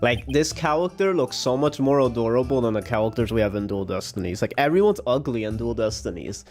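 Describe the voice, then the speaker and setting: A man streaming a game playthrough live, chatting in an excitable, rambling way. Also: medium pitch, brisk, faint music behind.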